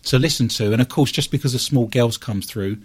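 A man with an East London Cockney accent, co-hosting casual radio talk and telling his stories in a measured way with asides. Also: medium pitch, slightly rough. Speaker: paranormal investigator co-host.

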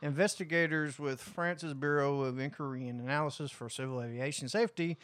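A man's voice: on the high side, fairly quick, fairly bright tone, no room sound. Laughing, crude man. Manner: crude, laughing, rambling delivery. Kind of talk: casual chat, reading headlines.

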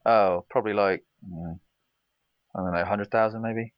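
A man's voice: fairly low pitch, fairly even intonation, moderate pace, dry recording. A man co-hosting a podcast, talking in a laid-back, rambling way. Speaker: podcast co-host. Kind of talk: casual chat. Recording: dry, dull lo-fi sound.

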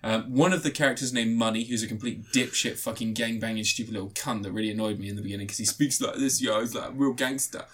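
A man's voice: on the low side, fairly even intonation, quick pace, hardly any pauses, fairly bright tone. A man giving a rambling, crude, joke-filled film review, swearing often. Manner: rambling, crude, swears a lot, jokey asides. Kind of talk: casual comedic film review.

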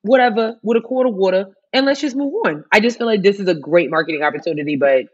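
A woman co-hosts a casual podcast, chatting about the news in a fast, mid-range, slightly rough voice. She's chatty, full of "likes," fillers and restarts. The lo-fi recording sounds dull.

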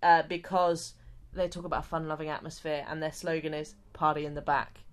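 A woman's voice: deep voice, level tone, a little fast. A woman co-hosting a podcast, explaining things step by step in a chatty, joking way. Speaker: podcast co-host. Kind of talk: casual chat.

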